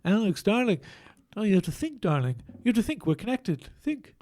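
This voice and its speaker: A man's voice: high-pitched, big pitch swings, fairly quick, warm tone, dry recording, pitched above the performer's own voice. Man impersonating a conductor, older male, nasal, pompous, coaxing, keeps saying darling, raised voice. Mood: doting, coaxing. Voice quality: nasal, nose held shut. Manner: coaxing and theatrical, says darling often.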